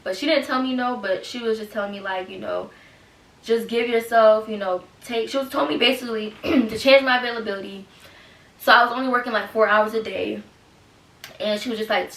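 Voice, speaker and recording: A woman's voice: on the high side, fairly even intonation, brisk, fairly bright tone, far from the mic. A woman in her twenties telling a personal story at home, rambling with lots of "like" and "you know", close to tears. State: teary, holding back tears. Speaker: vlogger. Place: home room. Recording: roomy echo, speaking a bit off-mic.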